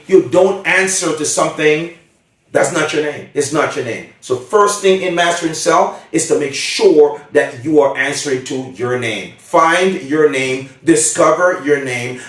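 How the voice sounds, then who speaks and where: A man giving an emphatic motivational seminar talk, often checking in with his audience. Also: fairly high pitch. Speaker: motivational speaker. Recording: very echoey room, far from mic.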